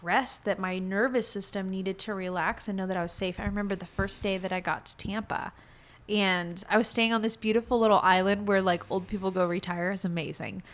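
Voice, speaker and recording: Brief: woman guest, frank and animated storyteller, medium voice, casual swearing. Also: mid-range voice, brisk. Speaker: podcast guest. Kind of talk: candid conversational storytelling.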